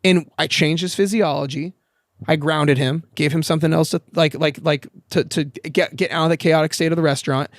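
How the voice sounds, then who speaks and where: Animated man telling stories, dry sound. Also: on the high side, brisk, no echo. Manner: animated storyteller, acts out quoted voices, swears casually. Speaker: podcast guest. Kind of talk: casual chat. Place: outdoor backyard.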